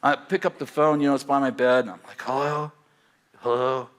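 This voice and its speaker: A middle-aged male pastor telling a story from the pulpit, lively and laughing at himself. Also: mid-range voice, brisk. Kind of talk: storytelling sermon.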